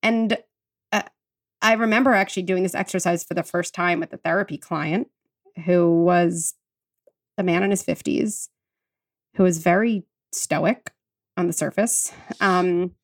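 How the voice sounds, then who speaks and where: A woman's voice: on the low side, a little slow, long pauses. A woman psychologist talking on a podcast, earnest and reassuring, walking listeners through an exercise. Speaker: psychologist guest. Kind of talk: podcast conversation.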